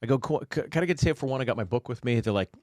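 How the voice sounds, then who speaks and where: A man's voice: mid-range voice, animated, racing, no room sound. Co-host, male, from Pittsburgh, blunt and swears freely, dry close-miked sound. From Pittsburgh, USA. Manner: blunt, profane ranting. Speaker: podcast co-host. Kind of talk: casual podcast chat.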